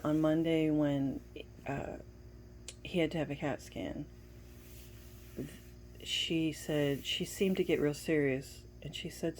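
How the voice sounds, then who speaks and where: A woman's voice: sits low, a little mellow, a little hiss or hum. Woman telling a family story. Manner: storytelling, retells dialogue, laughs between lines. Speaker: wife giving a family update. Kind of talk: casual personal update to viewers.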